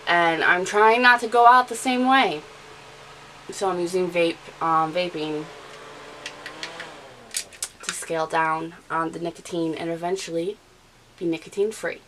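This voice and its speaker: A woman's voice: deep voice, a bit bright, slight background noise, poor audio. A woman in her thirties, chatty and rambling, talking through her makeup routine with a nasal, stuffy voice from allergies. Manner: chatty, rambling, talks while applying makeup. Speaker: beauty vlogger. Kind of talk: casual chat.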